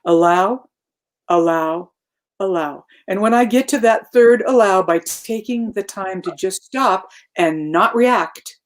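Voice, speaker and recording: A woman guest in a casual conversation, reflective, turning animated in her quoted asides. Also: mid-range voice, a little slow, few pauses.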